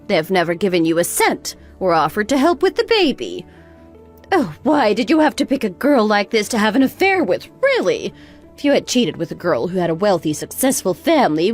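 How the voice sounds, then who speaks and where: A woman voicing a bossy, harsh older mother-in-law who talks in a sarcastic, cutting way. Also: medium pitch. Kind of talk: narrated text-story drama.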